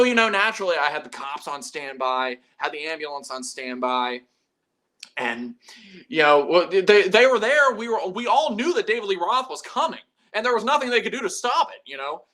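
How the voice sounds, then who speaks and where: A man with a high, sing-song voice, pushed and bright, speaks at a moderate pace. He hosts a metal YouTube channel's casual live stream about metal music, reading viewer messages, rambling animatedly and swearing freely.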